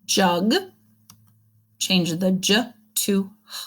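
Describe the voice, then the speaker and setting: During an early reading lesson, a woman teacher speaks slowly and patiently in a steady, mid-range voice. She sounds out short words letter by letter and warmly encourages the children.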